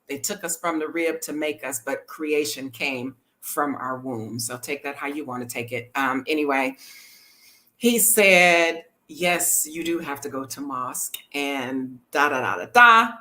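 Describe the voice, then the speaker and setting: A middle-aged woman, chatting to viewers in a lively storytelling vlog and laughing often. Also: deep voice. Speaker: travel vlogger.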